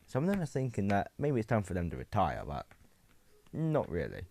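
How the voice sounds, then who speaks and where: A man's voice: on the low side, wildly swooping pitch, a little fast, creaky, darkish tone, a little hiss or hum. A man casually narrating a fan story, rambling with many restarts and asides to his viewers.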